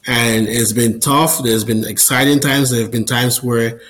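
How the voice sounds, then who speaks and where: A man's voice: medium pitch, fairly even intonation, unhurried, a bit bright, low-quality recording. A man as a podcast guest, telling his personal testimony in an earnest, conversational way and often repeating words as he goes. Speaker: podcast guest, Catholic business founder.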